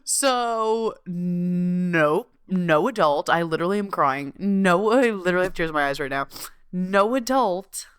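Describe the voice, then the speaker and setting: Animated, laughing woman podcast host. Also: fairly low pitch, takes it slowly, clean tone, dry recording, clean studio sound. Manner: animated, laughing, profane storyteller. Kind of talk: casual storytelling podcast.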